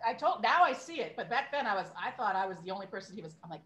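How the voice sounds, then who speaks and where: A woman's voice: medium pitch, big pitch swings, very fast, a bit bright, rough recording. Woman in her 50s on a podcast, chatty, laughs at herself a lot. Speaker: podcast guest. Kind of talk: casual chat.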